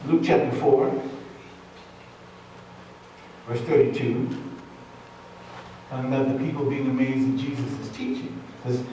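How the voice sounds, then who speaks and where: A man preaching a sermon as pastor, speaking deliberately and emphatically and repeating key words for weight. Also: medium pitch, steady tone, dark tone, a little hiss or hum. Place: church sanctuary. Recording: echoey church hall, voice from a distance.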